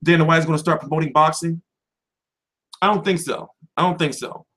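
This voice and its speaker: A man's voice: a little high, fairly even intonation, a little fast, fairly bright tone. A young man hosting a boxing channel, answering viewers in a heated, profane livestream chat.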